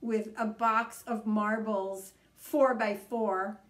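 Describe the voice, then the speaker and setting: A woman leading a guided tapping session, coaching calmly and repeating each step. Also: mid-range voice, slow. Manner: calm, repetitive, coaching tone. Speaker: EFT tapping practitioner. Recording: echoey room.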